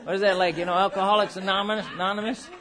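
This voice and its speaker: In a high-pitched voice that races along, a man gives a spirited church sermon, laughing as he speaks with playful energy.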